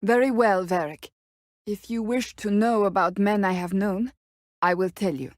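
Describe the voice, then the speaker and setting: A woman's voice: mid-range voice, steady tone, normal speed, no echo, studio quality, lightly acted. An actress playing a stern, blunt female warrior in curt, formal video game companion dialogue.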